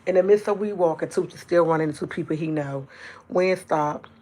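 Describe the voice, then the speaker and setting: A woman telling a rambling story to her livestream audience, talking fast and jumping from point to point. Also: on the low side. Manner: fast, rambling talk that jumps around; chatty and animated when retelling events. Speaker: livestream host. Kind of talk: casual storytelling to a live audience.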